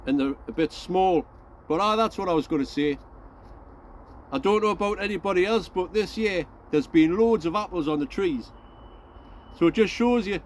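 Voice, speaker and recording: A man's voice: sits high, normal speed, a little hiss or hum. A man vlogging from his outdoor allotment, rambling chattily to his viewers and laughing at himself as he goes. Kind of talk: casual chat to camera.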